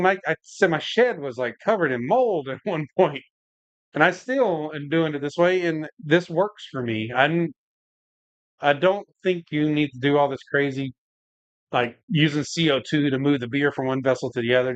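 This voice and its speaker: A man with a fairly high voice hosts a home brewing livestream at a moderate pace, chatting in a laid-back, rambling way and saying "like" and "man" a lot as he works and answers the chat. The audio is dull with no echo.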